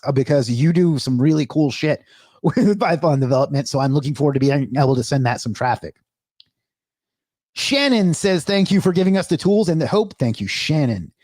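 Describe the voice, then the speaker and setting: An upbeat man runs a livestream Q&A, reading out viewer comments and greeting each person by name. His voice sits on the high side, and he sounds a little out of breath. The recording is dry and close, with no room sound. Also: a little mellow, dry recording. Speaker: livestream host answering chat. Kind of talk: livestream Q&A, reading chat aloud.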